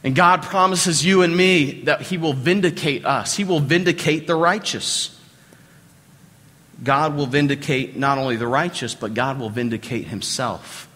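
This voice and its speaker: A man's voice: a little high, measured pace, a bit bright. A man with a Southern American accent preaching a sermon as pastor, conversational, repeating phrases and putting questions to the congregation. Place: church sanctuary. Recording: long hall reverb.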